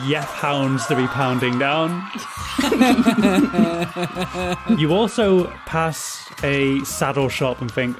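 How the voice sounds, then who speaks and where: Lively-voiced man running the game. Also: fairly high pitch, extremely slow, long pauses, over music. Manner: playful, laughs between lines. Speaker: game master. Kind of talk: narrating a tabletop game.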